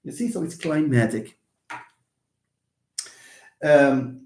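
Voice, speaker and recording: A man leads a live English pronunciation lesson, his voice rising and falling in animated swings as he patiently repeats example words. His tone sits a little higher than most men's. The sound carries the echo of a roomy space. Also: slow pace, long pauses. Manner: explains patiently, repeats words, switches between English, French and Darija. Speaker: English teacher. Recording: echoey room.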